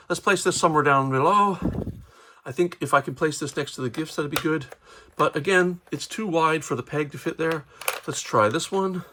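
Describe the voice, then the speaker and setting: A man's voice: fairly high pitch, vocal fry, sharp tone. A man giving chatty, rambling commentary while unboxing toys, often correcting himself mid-sentence. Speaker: toy reviewer.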